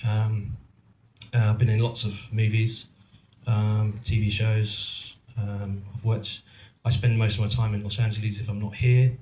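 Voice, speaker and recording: A man's voice: lowish voice, little pitch movement, measured pace, warm tone, reverberant, a little hiss or hum. A middle-aged man from England, an actor and producer, tells his story casually to a live audience, rambling and self-mocking with lots of ums and restarts. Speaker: actor and producer giving a talk. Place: event venue in a roomy hall.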